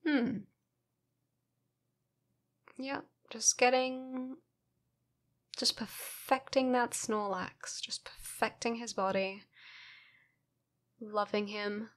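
A sleepy woman talks slowly through her painting process in a relaxed voice-over. Her voice sits at an ordinary middle pitch, and she keeps the commentary playful and teasing toward herself. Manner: playful, self-mocking, chatty. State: sleepy, recently woken. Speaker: artist narrating her painting.

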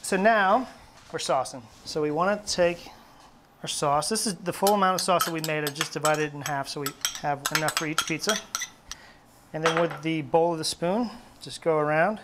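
A man working as a test cook, giving a steady, step-by-step cooking demonstration in a test kitchen studio. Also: fairly high pitch, moderate pace, background noise. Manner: steady, instructive, explaining each step.

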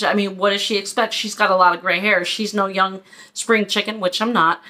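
A woman's voice: mid-range voice, steady tone, a little fast, pushed and bright. A woman tells a long story in a casual vlog. She vents and rambles, with asides, and acts out what people said. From Philadelphia, USA. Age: 50s. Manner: chatty, venting, acts out quotes. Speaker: haul vlogger.

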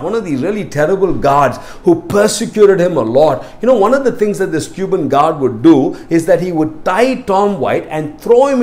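A man's voice: high voice, a little mellow. A man preaching a sermon, emphatic and repetitive, building in intensity. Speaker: pastor.

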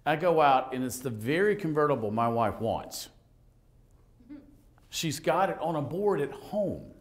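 A middle-aged man preaching a lively sermon in a church, joking with the congregation and acting out conversations as he tells stories. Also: on the high side, normal speed. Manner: animated, joking, acts out conversations. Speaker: pastor. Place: church sanctuary.

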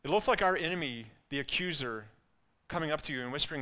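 A man's voice: fairly high pitch, lively intonation, fast talker, pushed and bright. A man with an Alabama accent preaching a sermon in an earnest way, often repeating words as he builds a point. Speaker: pastor.

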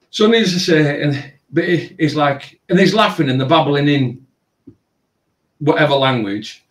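A man's voice: mid-range voice, normal speed, recorded from a distance. Rambling man, roomy sound. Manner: rambling, animated retelling with filler phrases. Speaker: tattoo shop owner. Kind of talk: casual storytelling. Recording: roomy, from away from the mic.

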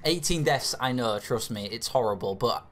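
Swearing young gamer commentating a match. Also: male voice, medium pitch, expressive, moderate pace, a bit bright. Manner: frustrated, swearing, talks at his team. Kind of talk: live gameplay commentary.

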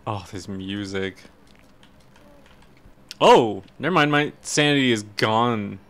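A man's voice: on the low side, takes it slowly, a bit bright. A man streaming a horror game live, commentating and swearing, yelping when startled.

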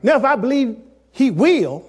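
A man preaching a sermon as pastor, calling out to the congregation and swinging between loud shouts and hushed, quiet passages. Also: extremely high pitch, big pitch swings, normal speed.

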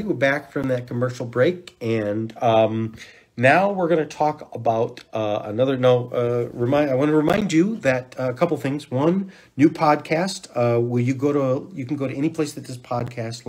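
A man hosts a natural health podcast in an easy, rambling way. His voice is somewhat husky and sits at a middling pitch. When he guides breathing exercises, he sinks into quiet counting and gentle shushing. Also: normal speed. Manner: rambling and conversational, with hushed counting and shushing during breathing guidance. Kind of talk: casual health podcast talk.

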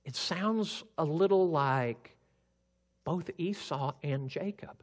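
Doubtful old blind patriarch, a slow-talking pastor doing him, big hall echo. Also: male voice, fairly high pitch, pitched above the performer's own voice. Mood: puzzled. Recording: long hall reverb.

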